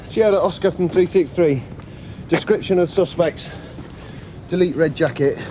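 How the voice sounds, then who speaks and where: An actor playing a patrol police constable in a TV police drama, with clipped radio talk. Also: male voice, a little high, moderate pace, natural voice. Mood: urgent. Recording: loud sirens and traffic.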